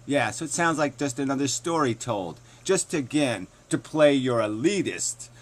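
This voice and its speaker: A man's voice: medium pitch, expressive, normal speed, hardly any pauses. Sarcastic man ranting with heavy swearing. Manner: sarcastic, swears constantly, mocking. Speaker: video blogger answering a critic. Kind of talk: profane angry rant.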